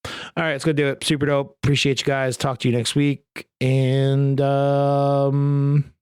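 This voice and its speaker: A man's voice: medium pitch, flat delivery, unhurried, clean tone, dry recording, studio quality. A man hosting a podcast on his own, talking in a rambling, jokey way with lots of swearing. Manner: rambling, profane, jokey rants. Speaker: podcast host. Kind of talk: casual solo podcast chat.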